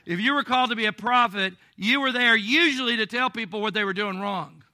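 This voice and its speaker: Bright, dry-sounding male pastor. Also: high-pitched, brisk, dry recording. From Illinois. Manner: conversational preaching with asides and humor; swings between emphatic and quiet delivery. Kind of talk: sermon.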